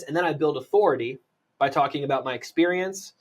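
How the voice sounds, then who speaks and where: A man from the United States, a land investor and podcast guest, coaching on sales in an energetic, persuasive way and often checking in with "right?". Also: fairly high pitch, brisk. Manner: energetic, persuasive, lots of "right?" tag questions.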